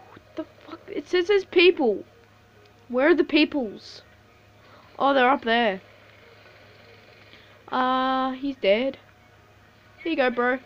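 A woman giving casual live commentary over a shooter game, swearing a lot, laughing often and reacting excitably. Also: high-pitched, dull audio. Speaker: gameplay commentator.

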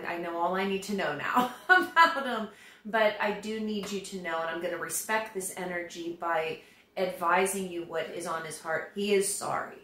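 A woman's voice: medium pitch, fairly bright tone. A woman giving a tarot reading to her viewers, talking in a chatty, reassuring way. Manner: conversational, reassuring, acts out quoted voices. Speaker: tarot reader. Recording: roomy echo.

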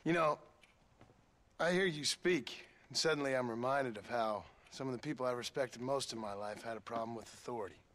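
An actor voicing a blunt, sardonic gunslinger in a western video game. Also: male voice, mid-range voice, a little fast, a bit bright, slight background noise, lightly acted. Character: blunt rugged male gunslinger.

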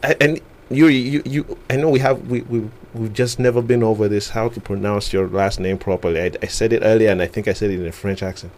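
A man hosting a hip-hop radio show, chatty, quick to laugh and stumbling over his words. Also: fairly low pitch, steady tone, darkish tone, a little hiss or hum. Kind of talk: radio interview. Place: radio studio.

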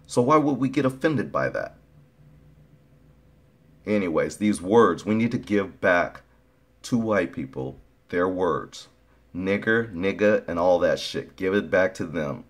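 A man with a very deep, low-pitched voice talks straight to his viewers in a casual opinion vlog. He is blunt and sarcastic and swears freely. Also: expressive, measured pace. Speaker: YouTube vlogger.

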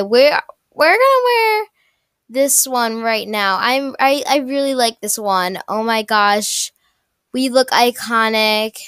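A young woman chats through her gameplay in a smooth, fairly high voice. She is excitable and gushing, repeating herself and restarting her sentences. The sound is dry and close. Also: dry recording. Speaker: gaming YouTuber. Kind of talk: casual gameplay commentary.

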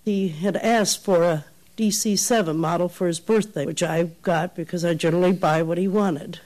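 A woman, a bereaved mother, speaking quietly and wistfully in an interview. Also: on the low side, steady tone, moderate pace, low-quality recording. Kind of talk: interview testimony.

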